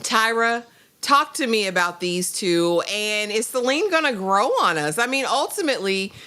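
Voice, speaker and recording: A woman's voice: mid-range voice, lively intonation, moderate pace, sharp tone. A woman co-hosting a casual TV review, sassy and teasing, throwing questions to her co-host. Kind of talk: casual TV recap chat.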